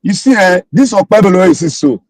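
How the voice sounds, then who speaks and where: A man's voice: sits high, animated, a little fast, no room sound, poor audio. A man speaking Nigerian Pidgin English in a heated political chat, arguing his point with rhetorical questions. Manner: argumentative, asks rhetorical questions.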